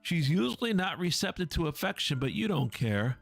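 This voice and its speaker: A man's voice: fairly high pitch, normal speed, vocal fry, faint music behind. A man reading a visual novel aloud in a dramatic way, acting out the characters and adding his own asides. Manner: lively, voices each character, adds asides. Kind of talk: dramatic read-through of a game.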